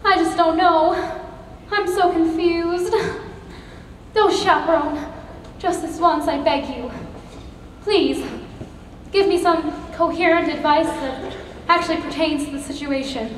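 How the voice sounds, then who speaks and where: A woman's voice: very high voice, steady tone, unhurried, long pauses, a little hiss or hum. A young woman on a school stage playing a glamorous actress bride with a theatrical, breathless delivery. It is recorded from far off in an echoey hall with music underneath.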